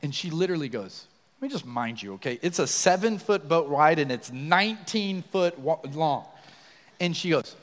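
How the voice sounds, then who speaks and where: A man preaching a sermon, telling a personal story and asking the congregation questions in an animated way. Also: on the high side, normal speed, long reverb tail. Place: church sanctuary.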